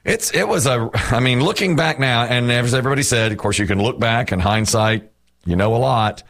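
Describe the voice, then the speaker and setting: A man's voice: mid-range voice, a little fast, fairly bright tone. A man hosting a morning radio show, telling stories in a rambling, chatty way. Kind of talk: casual morning show chat.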